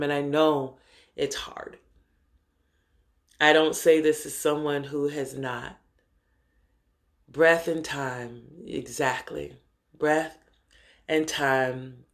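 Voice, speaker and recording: A woman spiritual teacher giving a live-streamed spiritual talk, gentle and heartfelt, calling her listeners brothers and sisters of the light and drawing out words slowly for emphasis. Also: low voice.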